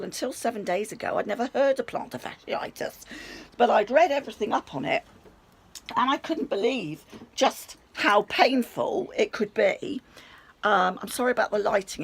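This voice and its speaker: Lively raspy British woman vlogger. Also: mid-range voice. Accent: British English. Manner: animated, rambling storyteller who swears casually. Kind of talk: chatty storytime vlog.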